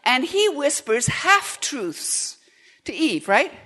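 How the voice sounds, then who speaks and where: Animated woman preaching in an echoey hall. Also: fairly high pitch, measured pace. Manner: animated, asks the audience questions. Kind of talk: lively sermon.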